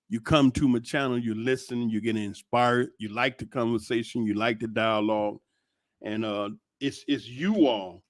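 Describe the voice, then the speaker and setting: Speaking at medium pitch in a clean, dry studio recording, this channel host is a middle-aged man. He tells stories casually and animatedly, wandering off track, restarting often and exclaiming along the way.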